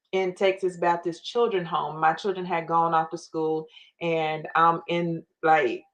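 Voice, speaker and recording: A woman's voice: lowish voice, highs cut off. A middle-aged woman telling her faith story in an interview, emphatic, with her own past prayers acted out in quotes. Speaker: guest. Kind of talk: faith-based interview talk.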